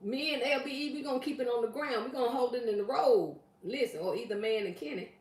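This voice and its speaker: A woman's voice: fairly high pitch, quick pace. A woman hosting a casual livestream, reading out viewer comments and teasing her regulars by name in a chatty, playful way. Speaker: livestream host. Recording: roomy, mic at a distance.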